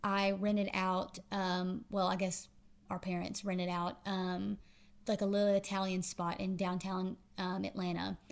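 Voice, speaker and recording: A woman's voice: mid-range voice, level tone, a little slow, creaky. A woman guest, with many fillers and restarts, telling her story casually in an interview. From Arkansas.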